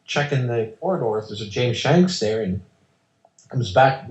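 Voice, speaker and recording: A man's voice: medium pitch, lively intonation, moderate pace, darkish tone. A man as an interview guest, telling a personal story in an emphatic, insistent way and acting out the exchanges. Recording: roomy echo.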